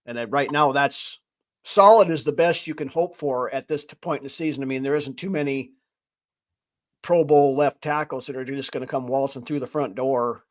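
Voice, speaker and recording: A man's voice: medium pitch, normal speed. A man hosting a casual sports chat, thinking aloud in a rambling way as he goes. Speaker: podcast host.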